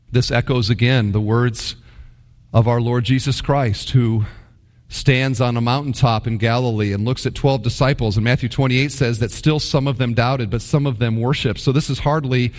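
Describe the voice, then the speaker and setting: A man preaching a sermon, retelling Bible stories with animated voicing of the characters' complaints. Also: mid-range voice, moderate pace. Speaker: pastor. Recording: long hall reverb.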